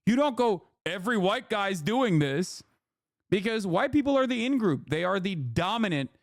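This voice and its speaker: A man in his thirties rants to his livestream chat, swearing freely and talking down to viewers. His voice sits on the higher side for a man. The sound is dry and close, with no room echo. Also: sing-song, normal speed. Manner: heated, profane, lecturing chat. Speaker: streamer. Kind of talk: livestream commentary.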